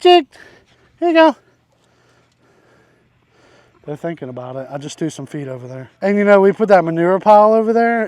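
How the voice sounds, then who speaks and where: A young man with a fairly high voice chats casually while he works outdoors on his farm. He jokes around and talks to his chickens as he goes. The sound is dry and close, with no room echo. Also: darkish tone. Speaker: homesteader vlogger. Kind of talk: casual vlog.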